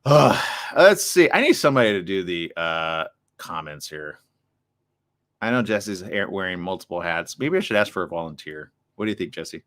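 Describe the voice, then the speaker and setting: A man hosting a live radio morning show, chatting casually in an animated, joking, rambling way from the studio. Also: low-pitched, moderate pace.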